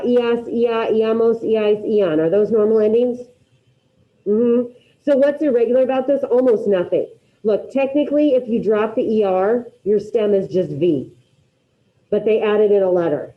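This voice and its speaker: A woman teaching a class, drilling her students through repetition and quizzing them with quick questions in an upbeat way. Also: mid-range voice, phone-quality sound. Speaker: Spanish teacher. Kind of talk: classroom grammar lesson.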